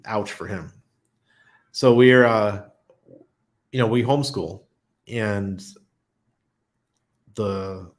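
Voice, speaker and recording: Low-voiced middle-aged man chatting. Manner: chatty, storytelling, laughs easily. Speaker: host of a crypto channel. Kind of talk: casual livestream chat.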